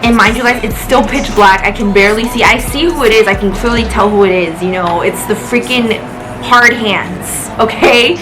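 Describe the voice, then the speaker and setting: A woman's voice: medium pitch, moderate pace, poor audio. Rambling tipsy young woman, swearing. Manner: rambling, swearing, loose and chatty. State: tipsy and high. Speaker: vlogger. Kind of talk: casual storytime. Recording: music playing behind her voice.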